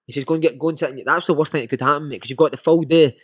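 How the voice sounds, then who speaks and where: Fast-talking Scottish man telling stories. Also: a little high, husky. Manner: animated anecdotes, swearing, laughing. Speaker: former footballer guest. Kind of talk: casual storytelling chat.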